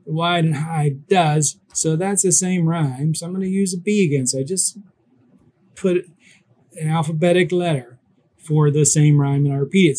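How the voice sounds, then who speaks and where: Husky-voiced man teaching a casual class. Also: a little high, mellow. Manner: casual, thinking aloud, counting out syllables. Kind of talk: recorded online class lecture.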